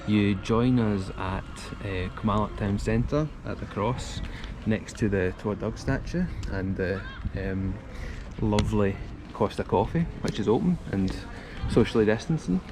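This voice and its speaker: A man with a Scottish accent giving a casual walking tour outdoors in a town centre, chatty and jokey, reading facts aloud in a quiet voice. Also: fairly low pitch, unhurried. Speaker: streamer on a guided town walk. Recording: outdoor street noise, traffic.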